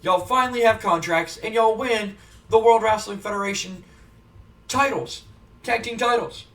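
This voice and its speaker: A man's voice: high-pitched, normal speed, a bit bright, roomy sound, recorded from a distance, voice pushed up. A man doing a stammering backstage interviewer. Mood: excited. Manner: stammering, repeats words, says y'all.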